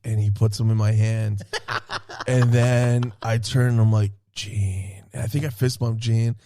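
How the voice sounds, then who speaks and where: A man excitedly telling a story in a casual podcast chat, swearing often and laughing as he talks. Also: mid-range voice, normal speed, no echo, clean studio sound. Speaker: podcast co-host.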